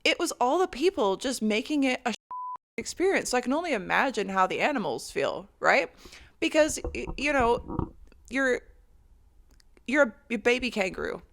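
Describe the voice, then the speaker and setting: A woman's voice: a little high, sing-song, normal speed, creaky, fairly bright tone, slight background noise. A woman hosting a podcast, telling a rambling, profane story as a casual monologue. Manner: rambling and profane, with frequent laughs. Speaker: podcast host.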